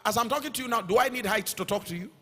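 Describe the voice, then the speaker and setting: Nigerian male pastor, middle-aged; sharp, husky tone; sing-song delivery that bursts into shouts; hall reverb. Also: high voice, racing. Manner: emphatic preaching, rising to shouts, sing-song cadence. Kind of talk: sermon.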